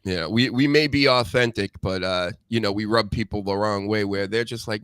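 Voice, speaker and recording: A man's voice: on the low side, normal speed, hardly any pauses, fairly bright tone, clear, resonant tone, dry recording, clean studio sound. Blunt, crude-joking male show host. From New England. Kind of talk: casual live-stream chat.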